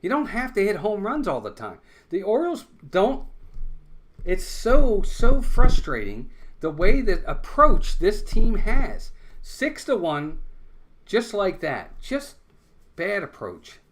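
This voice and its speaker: A man's voice: high-pitched, wildly swooping pitch, takes it slowly, a bit bright. A man hosting a fan watch-along stream, calling baseball play-by-play and insisting on his points over and over.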